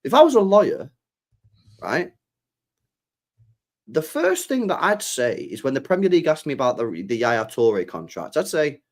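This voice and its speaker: A man's voice: a little high, moderate pace, long pauses. A man hosting a live football stream, swearing freely and acting out imagined conversations. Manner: swears freely, animated, acts out imagined dialogue. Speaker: football channel host.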